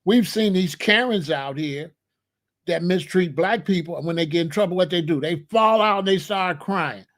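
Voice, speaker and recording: A man speaks in a fairly high voice. He argues his point emphatically in casual commentary, throwing out rhetorical questions and hammering key words again and again. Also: normal speed, fairly bright tone. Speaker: commentary host.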